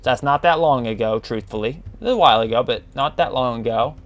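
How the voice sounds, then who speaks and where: A man's voice: medium pitch, soft background music. A man hosting a casual podcast monologue, reading definitions aloud and calling the listener man and bro. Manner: slow, drawn-out, addresses listener as man and bro. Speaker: podcast host.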